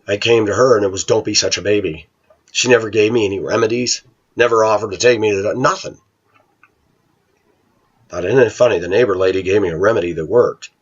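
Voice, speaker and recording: A man's voice: on the low side, brisk, long pauses, husky, highs cut off. A middle-aged man with a blunt, ranting manner, talking casually to viewers in a vlog. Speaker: vlogger.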